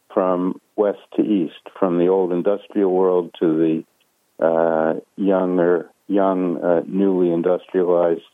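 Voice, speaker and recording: Deep-voiced man on a tinny phone line. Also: no room sound. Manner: measured, hesitant with many fillers. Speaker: guest analyst. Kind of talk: phone interview.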